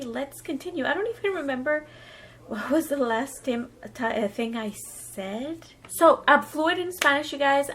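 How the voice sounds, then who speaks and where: A woman in her thirties, talking through a chatty get-ready-with-me vlog with lots of fillers, emotional and warm toward her viewers. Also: sits high, slight background noise. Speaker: beauty vlogger.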